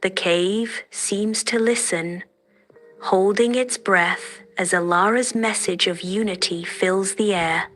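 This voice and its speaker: A woman narrating a fairy tale in a gentle, measured, dreamy manner. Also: medium pitch, steady tone, soft background music. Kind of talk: soft storytelling narration.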